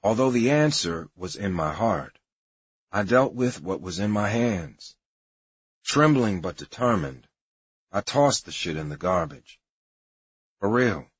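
A man's voice: low-pitched, husky, no echo. A man narrating his own life story in a confessional, profane way. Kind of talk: memoir narration mixed with archival comedy clips. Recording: dull lo-fi recording.

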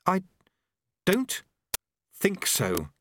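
A man voicing a sharp, curt young woman. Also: high-pitched, huge pitch swings, extremely slow, slight background noise, voice pushed up, exaggerated voice. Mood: doubtful.

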